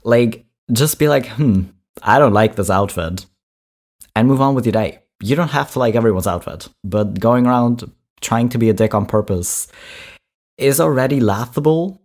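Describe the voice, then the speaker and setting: A man's voice: medium pitch, animated, normal speed, a little mellow. A man hosting a reaction video, commenting on clips in a chatty, exasperated way with emphatic repeats.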